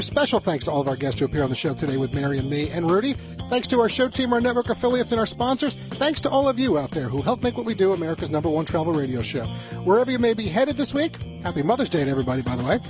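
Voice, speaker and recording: A man hosting a radio travel show, with upbeat sign-off patter. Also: sits high.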